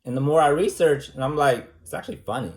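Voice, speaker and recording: A man's voice: a little high, animated, fast, darkish tone. A man teaching a debate class in an informal, talky way, firing off repeated rhetorical questions and using casual fillers.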